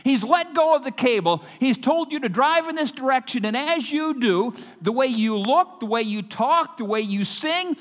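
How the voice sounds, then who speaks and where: A male pastor preaching emphatically, his voice high and very animated as it rises and drops. The sermon rings out with a long hall reverb behind it. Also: moderate pace, few pauses. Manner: emphatic preaching, swinging from loud to hushed.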